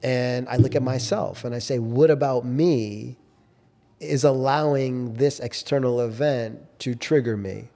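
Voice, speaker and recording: An earnest man co-hosting a reflective chat. He lays out his ideas step by step in a coaching manner, calm and explanatory. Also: medium pitch, unhurried, gravelly. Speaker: podcast co-host. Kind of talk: casual reflective conversation.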